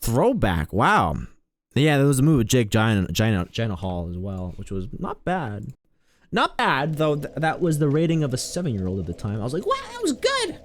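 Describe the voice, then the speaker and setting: A man's voice: mid-range voice, very animated, normal speed. A young man chatting casually while he streams a game, rambling and mocking his own mistakes. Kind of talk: casual gameplay commentary.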